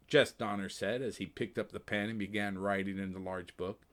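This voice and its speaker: A man narrating a storybook tale with an expressive, animated reading. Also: deep voice, moderate pace, few pauses.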